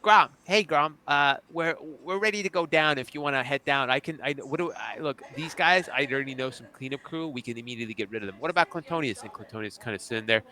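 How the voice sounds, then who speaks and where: Young male game master: bright tone, casual, filler-heavy narration. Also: medium pitch, fast, few pauses. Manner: casual, loose, full of fillers.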